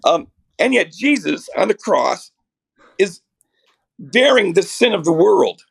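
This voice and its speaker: A middle-aged man with a raspy voice from a chest cold, earnestly explaining theology as a podcast guest, restarting his sentences often. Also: high-pitched, sing-song, slow. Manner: earnest, builds ideas with many restarts.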